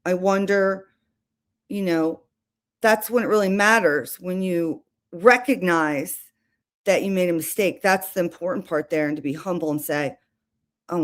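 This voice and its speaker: Chatty woman streamer, fairly low voice. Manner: chatty, rambling with restarts and asides. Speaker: livestream host. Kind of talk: casual livestream talk.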